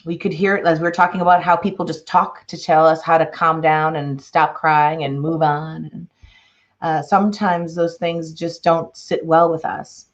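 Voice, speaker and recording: A woman's voice: low-pitched, normal speed, highs cut off. A woman from Chicago with a Chicago accent, an author talking expressively about her books in an interview. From Chicago, Illinois. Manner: expressive, animated, laughs often. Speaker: author and guest. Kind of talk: interview conversation and reading aloud.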